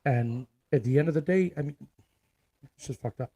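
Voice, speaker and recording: A man rants to his viewers in a low, dark voice, cursing freely and driving every point home by repeating it. He sounds forceful and fired up. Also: moderate pace, poor audio. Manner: profane, forceful, repeats himself for emphasis. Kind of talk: ranting video monologue.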